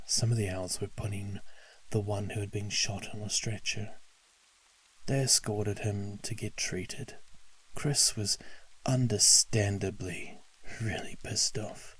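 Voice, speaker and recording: A man narrating a story at a slow, calm pace, sometimes dropping to a whisper. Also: fairly low pitch, creaky, slightly rough. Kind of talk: scripted story narration for sleep.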